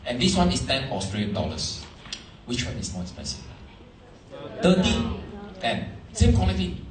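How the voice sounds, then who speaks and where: Lively man preaching to a hall. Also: mid-range voice, background noise. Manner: lively, questions the crowd, repeats points for emphasis. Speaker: motivational speaker. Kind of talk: sales seminar talk to a live audience. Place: large hall with an audience. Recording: echoey hall, recorded from far off.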